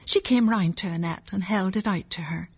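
A woman reading a story aloud, softly and often in a half whisper. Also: medium pitch, normal speed, breathy edge.

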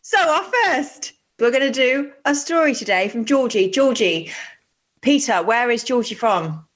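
A woman co-hosting a casual podcast, excitable and gushing, laughing and swearing freely. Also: on the high side, measured pace. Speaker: podcast co-host. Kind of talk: casual chat.

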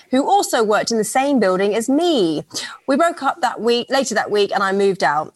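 A woman co-hosting a dating radio show, chatting casually with quick asides. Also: medium pitch. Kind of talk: casual chat.

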